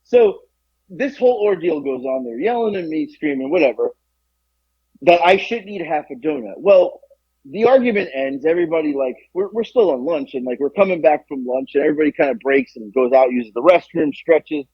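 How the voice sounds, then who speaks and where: A man co-hosting a podcast, telling a story in casual chat, animated and profane, acting out the voices of other people. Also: on the high side, brisk, breathy edge, dry recording, highs cut off. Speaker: podcast co-host.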